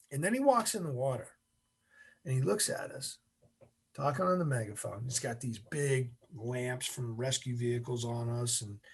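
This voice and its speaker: A middle-aged man, an interview guest, telling a story in an animated way and acting out the scenes. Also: medium pitch, normal speed, gravelly, slightly rough.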